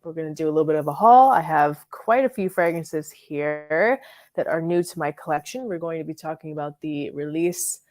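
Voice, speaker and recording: A woman with a slightly low voice hosts a relaxed fragrance livestream. She chats loosely, greets viewers from the live chat and talks about perfumes in an easy, rambling way, full of little fillers. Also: normal speed. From Florida. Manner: chatty, reads and answers live chat, frequent likes and ums.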